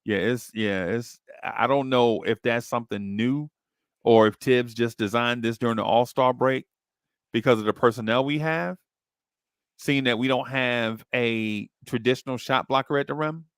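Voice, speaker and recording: A man's voice: mid-range voice, normal speed, clear, resonant tone, dry recording, studio quality. A man hosting a casual basketball watch-along who reads out chat comments and calls plays as they happen, with a teasing manner. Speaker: podcast host reading chat.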